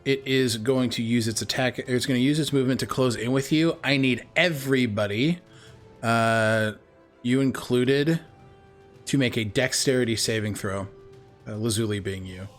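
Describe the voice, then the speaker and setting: A man acting as game master on a video call, relaxed and affirming as he runs turns. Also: medium pitch, faint music behind. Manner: relaxed, affirming, quick to say okay. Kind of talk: running a tabletop game.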